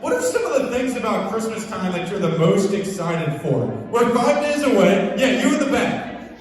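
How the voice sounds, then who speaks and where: High-voiced young man in an echoey hall. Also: sing-song, normal speed. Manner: upbeat, joking, calls out to the crowd. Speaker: youth pastor. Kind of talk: lively youth group talk. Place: church hall. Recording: echoey hall, mic from a distance.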